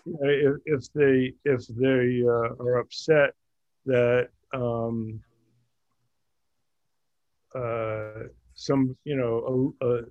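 A slow, unhurried middle-aged man hosts a casual group chat, stopping to restart his sentences and laughing along the way. The audio is dull and muffled, with a dry, close sound. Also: medium pitch, darkish tone, dry recording. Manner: halting, self-correcting, laughs often. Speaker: discussion group host.

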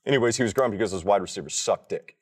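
Male podcast co-host, lowish voice, loud opinionated sports rants. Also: racing, slightly rough. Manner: profane, emphatic ranting. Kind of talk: casual sports chat.

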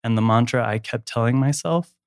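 Gravelly earnest man, dry close sound. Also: mid-range voice, a little fast, dry recording. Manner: emotional, candid, laughs easily. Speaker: guest. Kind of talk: earnest personal conversation.

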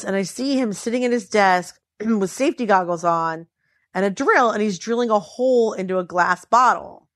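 A woman's voice: dry recording, studio quality. A tired woman telling a story in casual chat, acting out quotes with big swings in her voice. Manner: animated, acts out quotes with pitch swings.

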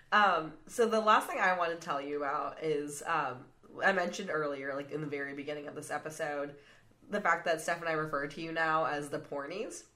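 Low-voiced woman podcast host, giggly. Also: brisk, bright, forceful tone. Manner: chatty, laughs often, many fillers. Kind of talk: casual interview chat.

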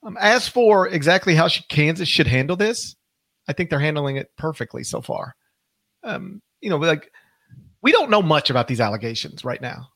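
Very animated and fairly bright, a middle-aged podcast host speaks with a slightly high voice at a moderate pace. His casual delivery rambles and self-corrects while emphasizing key words, and the recording has no room sound.

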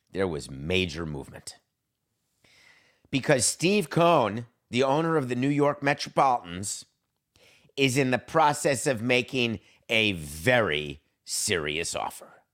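A man with a somewhat low voice hosts a solo sports podcast into a studio mic. He talks wryly and theatrically, dropping dry asides and then hamming it up. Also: animated, measured pace, a bit bright. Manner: wry and theatrical, jumps between dry asides and mock-grand reading. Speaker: podcast host.

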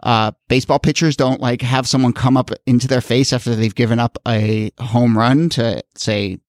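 A man co-hosting a podcast, giving an earnest, animated and emotional commentary in a casual chat. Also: mid-range voice, normal speed, no room sound, clean studio sound. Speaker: podcast co-host.

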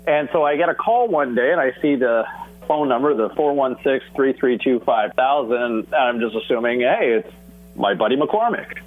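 A man's voice: mid-range voice, normal speed. A middle-aged man from Canada telling a story about his broadcasting career in a casual interview, acting out bits of dialogue. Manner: animated, acts out phone dialogue. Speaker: sports broadcaster guest. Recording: tinny phone-like audio.

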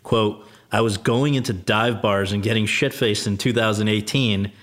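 Low-voiced male interviewer, measured. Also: fairly even intonation, a bit bright. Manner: measured, reads quotes, thinks aloud with restarts. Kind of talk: conversational interview.

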